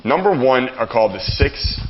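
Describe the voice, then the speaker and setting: Man, sales coach, live workshop, energetic, joking, mid pitch, dull lo-fi recording. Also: normal speed, a little hiss or hum. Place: seminar room with a live audience.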